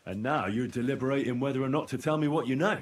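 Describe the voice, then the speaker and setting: A man's voice: medium pitch, fast talker, close to an everyday voice. An actor playing an earnest young man investigating a girl's murder, with dry, persuasive game voice acting. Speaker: video game protagonist.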